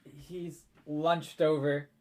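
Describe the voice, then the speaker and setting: A man's voice: fairly high pitch, flat delivery, very slow, a little mellow. A man narrating as dungeon master in a casual, rambling way. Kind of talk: narrating a tabletop game.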